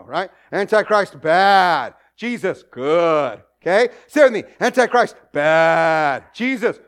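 Animated high-voiced man preaching. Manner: animated, jokey preaching with acted asides. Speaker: pastor. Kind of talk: sermon.

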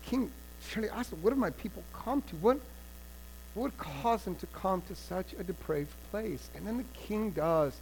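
A man preaching a sermon, retelling a story with animated storytelling that swings from loud to hushed. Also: fairly high pitch, a little hiss or hum, rough recording.

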